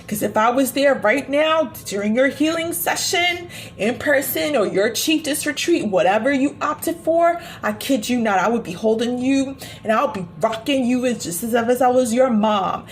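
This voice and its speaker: A woman's voice: fairly high pitch, normal speed, slight background noise. A woman spiritual healer speaking soothing, repetitive reassurance during a live-streamed healing session.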